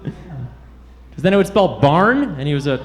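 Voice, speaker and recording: Onstage at a comedy club, a man works through an awkward, self-deprecating set and purposely stumbles over his lines. His slightly high voice moves through big pitch swings at a somewhat slow pace. Loud crowd noise runs through the live recording.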